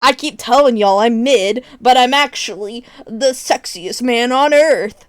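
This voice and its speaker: Young streamer girl, kinda high voice, laughs a lot and swears casually, dry close mic. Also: unhurried, no echo. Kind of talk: casual chat with viewers.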